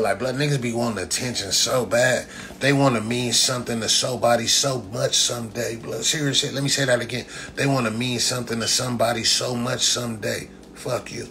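Cali guy going off on his live, bright edgy voice, a little background hiss. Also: fairly low pitch. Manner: loose, profane trash talk, repeats "blood" constantly. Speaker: livestream host. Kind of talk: casual livestream rant.

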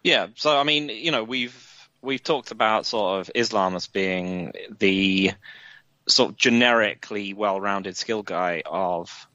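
A man co-hosting a casual podcast, talking through his points in a measured, analytical way with many fillers. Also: low voice, sharp tone, dry recording. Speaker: podcast co-host. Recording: dull lo-fi dry mic.

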